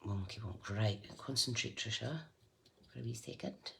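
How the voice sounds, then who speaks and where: A woman with a notably low voice hosts a live scrapbooking session from her craft table. She chats as she works, hums to herself and breaks off to greet viewers by name. Faint noise sits behind her. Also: animated, moderate pace, vocal fry. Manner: chatty, thinks aloud and hums while working. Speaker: craft host.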